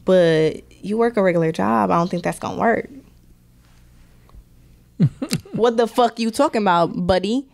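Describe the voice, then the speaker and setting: A woman's voice: mid-range voice, measured pace, gravelly, pauses often, darkish tone. Blunt, laughing woman from Milwaukee. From Milwaukee, Wisconsin. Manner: blunt, profane storytelling with lots of laughter; acts out other people's voices in her stories. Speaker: podcast guest. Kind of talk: casual interview chat.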